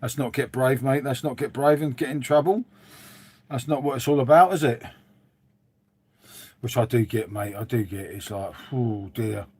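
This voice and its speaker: A middle-aged man chats on a casual livestream from a dim room in his home, rambling, answering viewers and leaning heavily on "mate." His mid-range voice is darkish and breathy, at a normal speed with frequent pauses.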